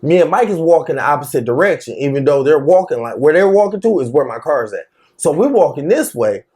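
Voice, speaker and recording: A man telling a wild story in casual chat, slangy and animated, laughing often and acting out the quotes. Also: a little high, quick pace. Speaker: podcast co-host telling a story.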